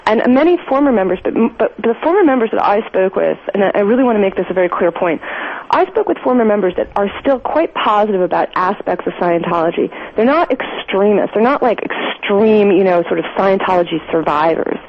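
A woman's voice: medium pitch, animated, a little fast, dull audio. A woman journalist, a guest on a radio interview, explaining her reporting in an earnest, emphatic way.

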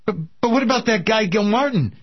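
A man's voice: high-pitched, lively intonation, a little fast, slightly rough. A middle-aged man hosting a radio comedy show, brash, ranting and self-mocking. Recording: dull lo-fi radio broadcast.

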